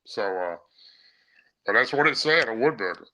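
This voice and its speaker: A man's voice: mid-range voice, animated, moderate pace, pushed and bright, poor audio. A middle-aged man, a guest on a podcast, telling a vivid first-person story in a rambling, casual way.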